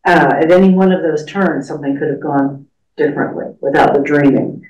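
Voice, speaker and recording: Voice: medium pitch, brisk, a little mellow. A class leader teaching a church study class, talking in a conversational, rambling way with fillers. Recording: echoey room, far from mic.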